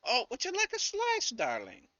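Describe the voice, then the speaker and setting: A man's voice: extremely high pitch, wildly swooping pitch, moderate pace, bright, forceful tone, dry recording, highs cut off, pitched above the performer's own voice, heavily acted. A man voicing a kind-seeming old woman, a hag who offers pie. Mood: sweet.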